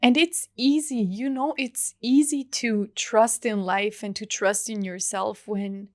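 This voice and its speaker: Slow, heartfelt young woman podcaster. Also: mid-range voice, steady tone, dry recording, studio quality. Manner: soft, earnest, heartfelt, with drawn-out pauses. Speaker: podcast host. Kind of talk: reflective solo podcast monologue.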